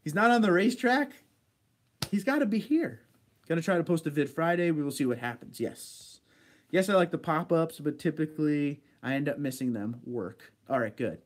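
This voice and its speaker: A man casually chatting with his viewers and answering their comments during a livestream, laid-back and quick to laugh. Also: fairly high pitch, animated. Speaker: livestream host reading chat. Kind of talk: casual chat.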